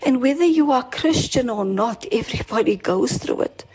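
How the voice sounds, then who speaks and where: Her voice a little high, mellow, and breathy-edged, a woman preaches and weaves in personal testimony at a moderate, expressive pace. She speaks earnestly, restarting and repeating herself with rising emphasis, and the audio quality is poor.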